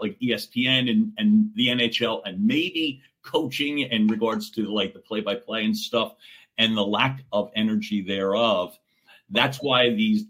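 Bright husky man, enthusiastic guest. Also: fairly low pitch. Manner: enthusiastic, repeats words. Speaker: guest fan. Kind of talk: casual chat.

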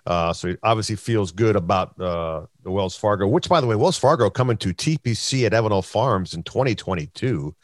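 A man's voice: fairly low pitch, brisk, hardly any pauses, no echo, studio quality. A middle-aged man hosting a golf chat show, telling a long story with quoted voices and plenty of fillers. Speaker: host.

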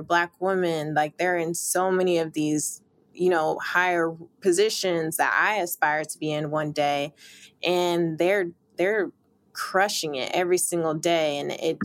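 A woman's voice: fairly low pitch, no echo. A young woman sports reporter, interviewed, talking in upbeat, emphatic bursts with occasional laughs.

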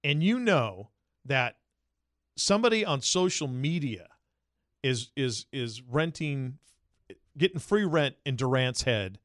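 A man co-hosting a sports podcast, telling stories in an animated way and jumping up in pitch when he quotes people. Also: slow, long pauses, no room sound, clean studio sound. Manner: animated storyteller, jumps high when quoting people. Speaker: podcast co-host. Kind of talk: casual sports talk.

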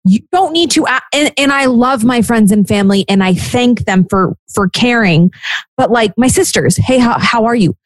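A woman's voice: a little high, normal speed, dry recording. A pregnant woman guesting on a podcast, chatting candidly and restarting her sentences as she rambles. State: heavily pregnant. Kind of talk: casual chat.

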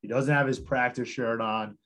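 A man's voice: mid-range voice, steady tone, normal speed, sharp tone. A man from Connecticut, a basketball coach and podcast guest, telling stories in a rambling, self-interrupting way with frequent chuckles. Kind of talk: casual storytelling interview.

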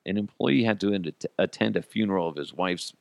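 A man hosting a comedy podcast, riffing on listener stories in a casual, profane, animated way. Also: deep voice, a little fast, gravelly, dry recording. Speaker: podcast host.

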